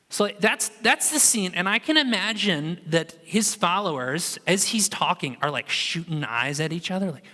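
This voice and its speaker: Bright-voiced man preaching in a reverberant hall. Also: high voice, moderate pace, hardly any pauses. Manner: conversational, animated storytelling with acted quotes. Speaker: pastor. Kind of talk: sermon. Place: church sanctuary.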